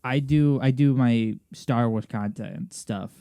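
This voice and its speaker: A man's voice: mid-range voice, takes it slowly, vocal fry, mellow, dry recording. A young man co-hosting a podcast, rambling through casual chat with many restarts. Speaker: podcast co-host.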